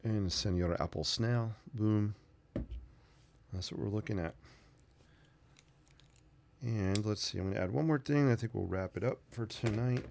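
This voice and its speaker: A man's voice: lowish voice, measured pace, gravelly, pauses often, darkish tone, a little hiss or hum. A man hosting his own sketching channel, chatting casually and thinking aloud as he draws. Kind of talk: casual narration while sketching.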